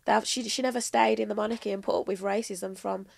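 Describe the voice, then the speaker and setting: A woman's voice: medium pitch, steady tone, fast, creaky, a little mellow. A woman making her case in a podcast debate, pressing her point and restarting her sentences. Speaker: podcast host.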